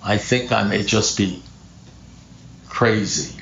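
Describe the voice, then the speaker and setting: An older man speaking at a recovery meeting, telling a story in an animated way, acting out phone calls, swearing and laughing at his own punchlines. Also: lowish voice, takes it slowly, creaky, muffled recording, very noisy. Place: meeting room.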